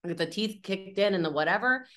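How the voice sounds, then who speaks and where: A woman entrepreneur talking about sales in an interview, in an energetic, chatty and emphatic way, full of "like" and "okay" and little acted-out scenes. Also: mid-range voice, fairly quick. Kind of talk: candid interview conversation.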